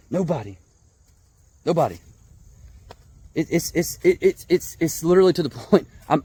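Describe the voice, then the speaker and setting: A man's voice: a little high, dark tone, slightly rough. A man, ranting casually to camera about rival football fans, stammering and restarting often. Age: 20s. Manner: heated, repetitive, stammering restarts, mocking put-on voices. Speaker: vlogger, Georgia football fan.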